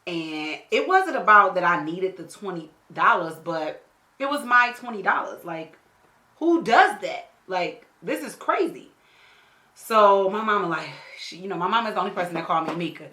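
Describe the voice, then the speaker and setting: Woman beauty vlogger, lowish bright voice, chatty and profane, storytelling over a makeup tutorial. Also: animated, moderate pace. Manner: casual, slangy, profane storytelling; talks straight to the viewer with frequent check-ins. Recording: echoey room.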